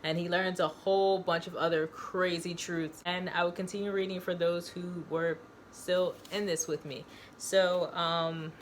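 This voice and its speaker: Chatty woman with a fairly low voice. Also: a bit bright, slight background noise. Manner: casual, chatty, loose slang. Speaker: book reviewer and author. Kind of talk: casual video review and reading.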